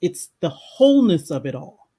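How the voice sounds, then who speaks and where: A woman's voice: on the low side, very animated, normal speed, warm tone, husky. A woman life coach on a livestream, talking in an earnest, reflective and emotional way. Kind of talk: livestream meditation talk. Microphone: livestream microphone.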